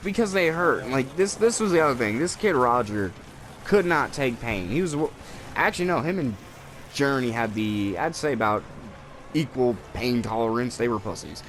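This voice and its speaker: Over a faint hiss or hum, a young male co-host speaks at medium pitch and a moderate pace during a gaming video. His casual storytelling is rambling and full of swearing, with raised voices to act out quotes.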